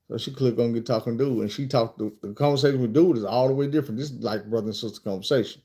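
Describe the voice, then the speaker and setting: A middle-aged man, telling a story in a casual storytime style. His voice is gravelly and mellow. He is blunt and profane, with an animated way of talking. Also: mid-range voice, quick pace, hardly any pauses.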